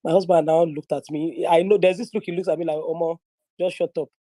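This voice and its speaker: A young woman from northern Nigeria with a Nigerian English accent, telling a story in a lively, chatty way and slipping into pidgin. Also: fairly low pitch, fast talker, no echo. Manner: animated, mixes pidgin, acts out quoted voices. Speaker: guest speaker in an online audio room. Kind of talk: casual storytelling. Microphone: phone or headset in an online audio room.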